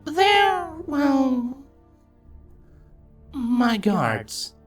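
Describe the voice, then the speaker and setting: A man reading a fan story aloud, voicing a clever, nervous young pony princess who talks eagerly with rising pitch. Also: wildly swooping pitch, drawn-out words, soft background music, full character voice. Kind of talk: fanfiction audiobook reading.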